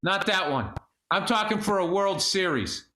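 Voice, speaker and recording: A man co-hosting a podcast, telling sports stories in a casual, heavily profane, animated way. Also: high voice, moderate pace, reverberant. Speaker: podcast co-host. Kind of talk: casual chat.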